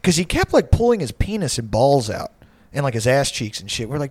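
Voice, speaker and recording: A man's voice: medium pitch, very animated, fairly quick, a little mellow, no room sound, studio quality. A man telling a long, rambling story in casual chat, swearing freely and breaking into laughs.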